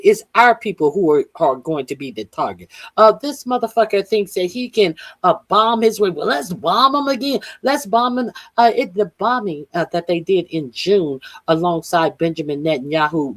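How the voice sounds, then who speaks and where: Halting, blunt woman political commentator. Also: on the low side. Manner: halting, many "uh" fillers, blunt and profane.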